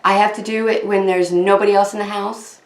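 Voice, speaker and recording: A woman's voice: medium pitch, little pitch movement, fairly quick. A woman chatting casually to camera as host of her crafting channel, rambling and poking fun at herself. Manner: chatty, rambling, self-deprecating. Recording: echoey room.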